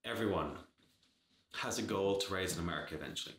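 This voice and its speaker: A man's voice: deep voice, lively intonation, a little fast, a bit bright, roomy sound. A man giving blunt, sarcastic startup advice in a casual talk to camera, swearing freely. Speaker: startup advisor.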